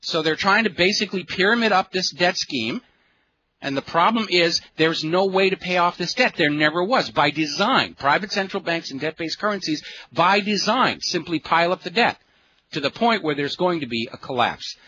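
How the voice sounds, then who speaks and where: A middle-aged man rants passionately while hosting a political talk radio show. His voice is high, expressive, bright and forceful, and he talks a little fast. The broadcast sounds lo-fi, with faint noise.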